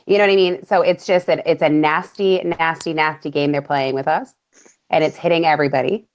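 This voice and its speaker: A woman's voice: sits low, steady tone, brisk. A woman co-hosting a casual talk show, talking emphatically, repeating phrases and trailing off mid-sentence. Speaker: podcast co-host. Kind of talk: casual conspiratorial chat. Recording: dull lo-fi audio.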